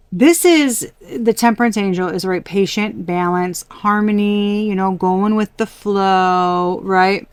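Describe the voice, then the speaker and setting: A woman's voice: medium pitch, unhurried, hardly any pauses, clean tone, no echo. A woman giving a casual collective tarot reading, talking bluntly with exasperated asides and frequent swearing. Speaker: tarot reader.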